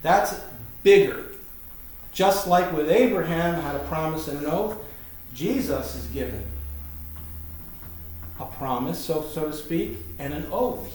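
A man's voice: a little high, expressive, a little slow, long pauses, slight background noise. A man teaching a Bible sermon in a conversational, emphatic manner. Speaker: preacher. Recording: very echoey room, mic far off.

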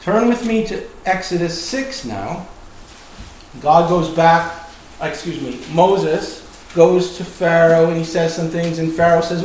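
A man's voice: on the high side, slow pace, a little mellow, distant mic, a little hiss or hum. A man with a Virginia accent preaching a Bible lesson, emphatic and folksy, repeating his key points. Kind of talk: Bible teaching sermon. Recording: very echoey room.

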